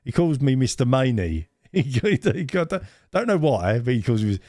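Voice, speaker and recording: A man's voice: medium pitch, very animated, normal speed, warm tone, no echo, clean studio sound. A man co-hosting a casual podcast chat, telling rambling stories and laughing often. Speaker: podcast co-host.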